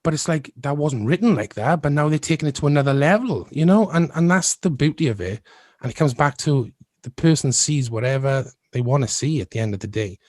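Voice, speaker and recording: A man's voice: on the high side, lively intonation, brisk, a little mellow, no echo, studio quality. A man hosting a podcast in casual chat, musing at length and laughing often. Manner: thoughtful, rambling, often laughs. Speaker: podcast host.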